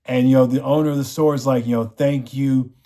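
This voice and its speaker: A man's voice: medium pitch, fairly even intonation, racing, warm tone. A man reviewing a TV show, recapping the plot in a rambling, casual way, full of "you know" fillers.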